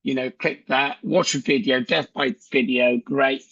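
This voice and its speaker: A man's voice: mid-range voice, fairly even intonation, measured pace, gravelly, fairly bright tone, husky, no room sound, muffled recording. A man giving a chatty sales training talk on a video call, telling stories and acting out conversations. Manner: chatty storyteller who acts out dialogue.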